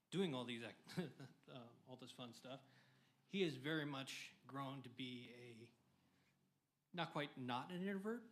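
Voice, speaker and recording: A parent speaks at a church ceremony, quick and a little nervous in front of the crowd. His mid-range voice has faint room sound behind it. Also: mid-range voice, a bit bright, slight background noise. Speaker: parent of a scout. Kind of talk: informal speech at a ceremony.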